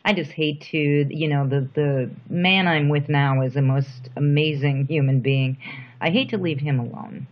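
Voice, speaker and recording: Reflective middle-aged woman, dull recording. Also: deep voice. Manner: soft-spoken, reflective, thoughtful pauses. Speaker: interviewee. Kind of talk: reflective personal interview.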